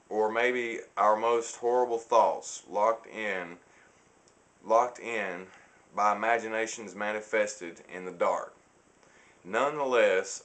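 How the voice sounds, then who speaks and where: Young guy doing his class speech, lowish voice, kinda formal, stumbles now and then. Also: a bit bright. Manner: formal, slightly halting delivery with restarts. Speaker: student giving a class speech. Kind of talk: prepared persuasive speech.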